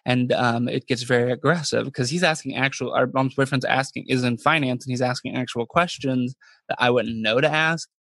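A man's voice: medium pitch, steady tone, fairly quick, fairly bright tone, no echo. A young man co-hosting a casual podcast, telling a story animatedly and acting out the scenes. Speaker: podcast co-host. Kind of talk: casual chat.

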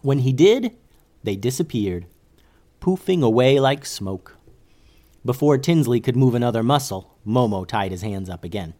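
A man reading a children's adventure story aloud. His narration is calm and expressive, set at an ordinary middle pitch. He shifts into character voices for the dialogue. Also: moderate pace.

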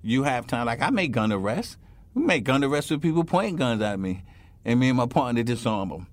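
This man, a former police officer, recounts tales in an interview, slipping into the voices of the characters and speaking with emphasis. His mid-range voice has a sing-song lilt and a fairly quick tempo, and the recording has no echo.

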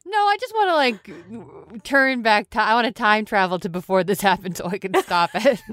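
A woman playing a tabletop game, talking in an animated way. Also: medium pitch, normal speed, no room sound, studio quality. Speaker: player. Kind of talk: in-character game play.

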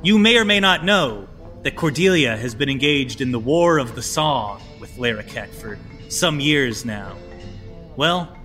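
Man playing a cool, high-status rogue in a tabletop game, coy and teasing, bright and animated. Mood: explaining. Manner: coy, teasing, self-assured. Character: smooth-talking cool male rogue spy.

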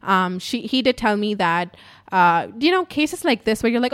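A woman hosting a podcast, telling a story in a casual, profane, chatty way with lots of fillers, going from loud to hushed. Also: medium pitch, moderate pace. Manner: animated, swinging between loud and hushed. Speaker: podcast host.

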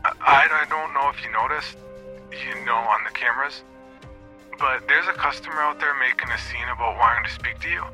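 A man's voice: mid-range voice, sharp tone, soft background music, pitched above the performer's own voice, rough recording. A man doing a nervous, stammering store clerk. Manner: halting, stammering speech. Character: nervous young store clerk, hesitant and polite.

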